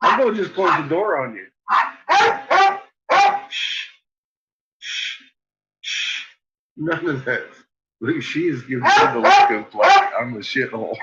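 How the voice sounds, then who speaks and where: A man's voice: fairly high pitch, wildly swooping pitch, takes it slowly, long pauses. A man at home chatting casually and swearing a lot, laughing often and talking to his barking dogs. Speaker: vlogger. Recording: dull lo-fi home recording, faint noise.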